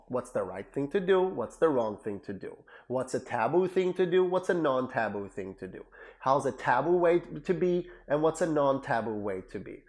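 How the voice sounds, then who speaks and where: A male psychotherapist giving an educational talk in an animated, emphatic way, repeating phrases for emphasis. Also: mid-range voice. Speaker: psychotherapist and lecturer.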